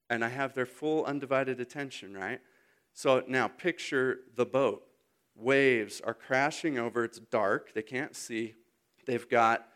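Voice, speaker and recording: A man in his thirties preaching a sermon, retelling the story with lively acted-out moments and sudden loud bursts. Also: medium pitch. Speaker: speaker.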